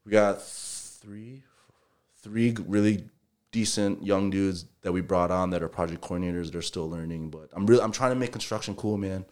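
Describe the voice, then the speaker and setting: A contractor appears as a podcast guest, talking casually and rambling with heavy use of filler phrases in a relaxed way. His voice sits low, at a moderate pace.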